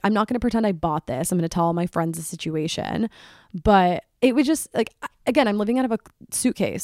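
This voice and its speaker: A woman's voice: lowish voice, dry recording, studio quality. A young woman hosting a solo podcast, telling a story in a chatty, dramatic way, full of "like" and acted-out quotes from friends. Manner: chatty, dramatic, heavy use of "like", quotes friends in animated bursts. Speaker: podcast host.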